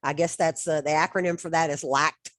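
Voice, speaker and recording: A middle-aged woman hosting a podcast interview, upbeat and quick to laugh. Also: deep voice, fairly even intonation, no room sound, studio quality. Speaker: podcast host. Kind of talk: conversational interview.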